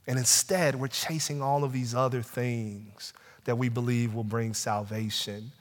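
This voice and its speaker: A man preaching a sermon, rising to loud urgent pleas and dropping to slow, hushed passages. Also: medium pitch, fairly even intonation. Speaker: pastor. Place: church sanctuary. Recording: long hall reverb.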